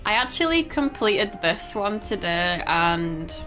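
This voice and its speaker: Slow-talking giggly young woman streamer. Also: mid-range voice, very animated, fairly bright tone. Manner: rambling, giggly, swears casually. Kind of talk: casual live-stream chat. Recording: faint game music behind.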